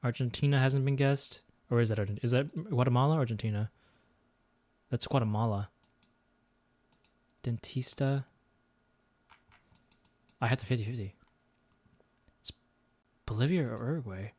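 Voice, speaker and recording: A man's voice: mid-range voice, fairly quick, long pauses, darkish tone, no room sound. Man muttering guesses over a game. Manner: thinks aloud, mutters guesses, self-deprecating. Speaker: streamer playing a geography guessing game. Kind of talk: casual gameplay commentary.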